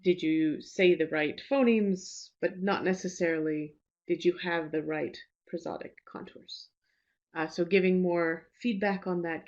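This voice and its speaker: A woman teacher trainer giving a webinar presentation, relaxed and reassuring, with frequent fillers and restarts. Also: lowish voice. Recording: slightly dull lo-fi webinar audio.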